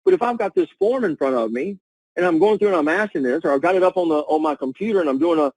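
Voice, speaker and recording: A man giving an energetic, repetitive coaching talk to a sales team over a webinar. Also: a little high, fast talker, no room sound, poor audio. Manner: energetic, coaching, repeats himself.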